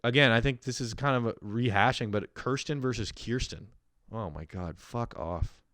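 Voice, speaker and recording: A man's voice: medium pitch, normal speed, fairly bright tone, dry recording. A young man in his twenties, a podcast host telling a rambling story and ranting with constant swearing and laughter. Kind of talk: profane comedic rant.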